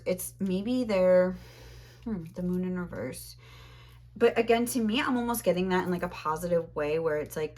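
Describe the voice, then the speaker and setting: Young woman tarot reader, rambling, lots of "like", slightly low voice, a bit breathless. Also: darkish tone, slight background noise. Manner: rambling, heavy use of "like". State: a little out of breath. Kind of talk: casual tarot reading monologue.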